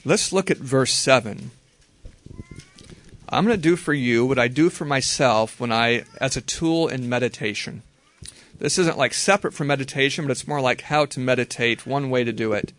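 A man teaching a group how to read the Bible, talking in a relaxed, conversational way and slowly repeating verses. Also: mid-range voice. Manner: relaxed, conversational, slow careful repetition.

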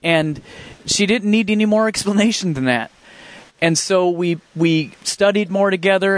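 A man's voice: high voice, dry recording. A man telling his faith testimony in an earnest, emotional way, often restarting his sentences. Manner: earnest, halting storytelling with many restarts; fervent and emotional. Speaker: speaker sharing a faith testimony. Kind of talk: personal faith testimony storytelling.

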